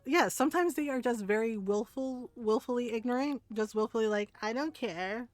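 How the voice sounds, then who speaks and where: A woman streamer chatting casually while gaming, emphatic and quick to laugh and swear. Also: on the high side, no room sound, faint music behind.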